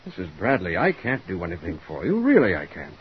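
A stiff, formal official. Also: male voice, sits low, wildly swooping pitch, fairly quick, husky, exaggerated voice. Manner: formal, patient, flustered. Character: stiff, polite male postal official, Mr. Rogers. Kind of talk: 1940s radio drama acting. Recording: dull old radio recording with faint hiss.

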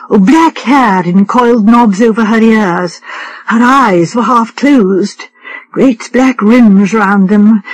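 A woman audiobook narrator reading a story in a measured, even way. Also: on the high side, no room sound, poor audio. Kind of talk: scripted narration.

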